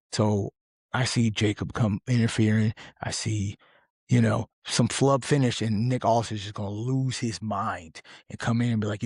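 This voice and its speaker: Opinionated middle-aged man, husky voice. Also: fairly low pitch, no room sound, clean studio sound. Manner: opinionated, rambling, animated. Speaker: podcast host. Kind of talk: casual sports commentary.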